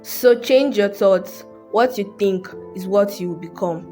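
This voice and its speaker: A woman narrating a moral story in a measured, earnest way. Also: medium pitch. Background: soft music.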